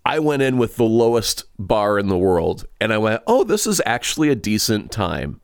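A man's voice: on the low side, sing-song, moderate pace, clear, resonant tone, no room sound, studio quality. A man co-hosting a podcast, chatting casually and rambling through a movie review with restarts. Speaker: podcast co-host. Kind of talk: casual chat.

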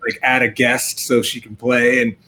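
A man's voice: mid-range voice, flat delivery, normal speed, bright, forceful tone. A man, a father, talking casually in a loose, rambling way full of fillers. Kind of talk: casual chat.

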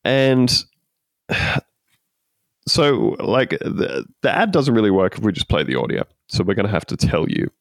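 Very deep wry man, dry mic. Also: very animated, a little slow, pauses often, no echo. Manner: wry storytelling, laughs often. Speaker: podcast host. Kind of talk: casual comedic podcast chat.

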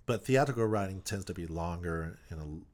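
Man, lowish voice, musician guest, rambling casual interview talk, lots of "like". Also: fairly quick. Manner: animated, rambling, many "like"s and restarts.

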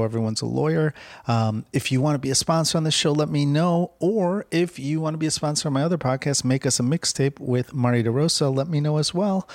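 A man's voice: medium pitch, no echo, clean studio sound. A man hosting a casual podcast, chatting loosely with lots of fillers and reading his own plugs. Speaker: podcast host. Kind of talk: casual podcast chat and ad reads. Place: Los Angeles.

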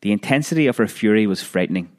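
A man reading a childhood memoir aloud in a measured storytelling manner, with occasional small restarts. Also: fairly low pitch, lively intonation, darkish tone. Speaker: narrator.

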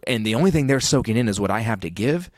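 A man's voice: medium pitch, expressive, fast talker, dry recording, studio quality. A man in his thirties, a podcast guest talking in an earnest, reflective way with frequent restarts. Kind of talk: podcast conversation.

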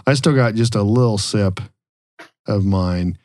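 A man's voice: on the low side, measured pace, darkish tone, no room sound, studio quality. A man hosting a casual podcast over drinks, laughing often and teasing his guests. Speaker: podcast host.

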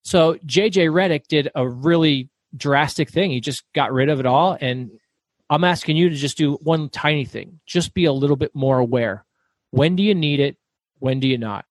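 A middle-aged man telling stories as a guest author in an interview, talking fast and loud. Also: a little high, no echo. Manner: fast, loud, animated storyteller. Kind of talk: storytelling interview.

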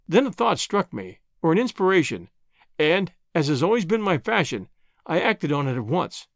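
Male narrator, audiobook, high voice, very animated, dry close sound. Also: creaky, no echo. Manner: measured first-person storytelling.

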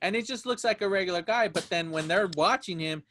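A man's voice: sits high, a little fast, sharp tone, slight background noise. A man chatting casually about a movie, chiming in with jokes and laughing a lot. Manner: joking, chimes in, laughs a lot. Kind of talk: casual movie recap chat.

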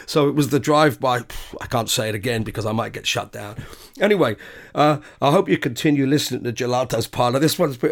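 A man's voice: medium pitch, gravelly. A man hosts his own podcast and spins a loose tale from the road. He speaks in an ordinary mid register, loops back and corrects himself, and breaks into little chuckles. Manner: rambling, self-correcting, chuckling asides. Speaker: podcast host and bandleader. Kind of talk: casual anecdotal storytelling.

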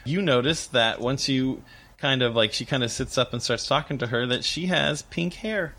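A man running a tabletop game as game master, narrating in a relaxed way with many fillers and laughs. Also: medium pitch, normal speed.

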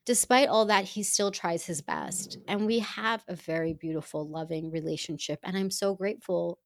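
A woman telling a personal story to women listeners in an earnest, heartfelt and expressive way. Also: fairly low pitch, normal speed. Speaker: speaker addressing women listeners.

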